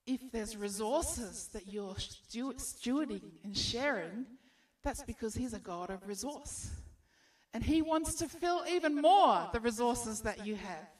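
A woman preaches to a congregation, posing rhetorical questions and encouraging her listeners. Her voice sits fairly high. She is recorded from a distance in a church. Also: lively intonation, a little slow. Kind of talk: sermon.

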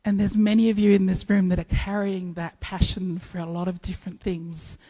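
A woman preaching a sermon, telling stories in an animated way and acting out playful bits of dialogue. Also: medium pitch, normal speed, rough recording.

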